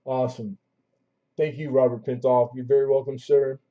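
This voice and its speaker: A man's voice: mid-range voice, little pitch movement, normal speed. A man hosting a coin auction livestream, rambling casually with many fillers and restarts, calling out last bids. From Southern California. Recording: dull lo-fi stream audio.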